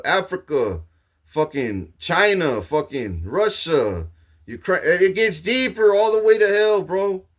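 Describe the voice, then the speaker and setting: Man monologuing to camera: grandiose, profane, repetitive, average pitch. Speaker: self-proclaimed king ranting to camera.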